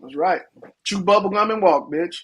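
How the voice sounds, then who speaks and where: A man's voice: sits high, normal speed, husky. An American man trash-talking and taunting others in a heated casual argument. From United States. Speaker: host.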